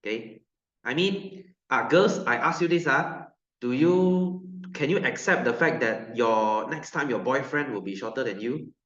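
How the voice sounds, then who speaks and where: In a roomy classroom, a male science teacher with a Malaysian English accent lectures, cracks jokes, repeats himself and fires questions at his students. His voice is mid-range, a little slow and fairly bright. The recording sounds dull and lo-fi.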